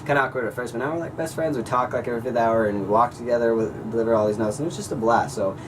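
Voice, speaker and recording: Rambling high school guy vlogging fast. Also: far from the mic, background noise. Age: teens. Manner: rambling, excitable, says "like" and "you guys" a lot. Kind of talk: casual storytelling vlog.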